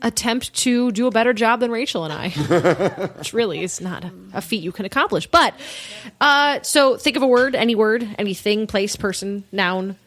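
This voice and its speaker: A woman's voice: medium pitch, lively intonation, moderate pace, a bit bright. A woman hosting a comedy podcast, bubbly and playful, laughing between lines. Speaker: podcast host.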